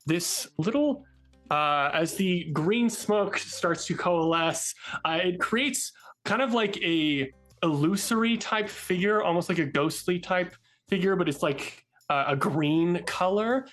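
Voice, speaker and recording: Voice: medium pitch, takes it slowly, a bit bright, faint music behind. A game master narrating a tabletop game casually, with lots of fillers and laughs. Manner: casual, filler-heavy, giggly.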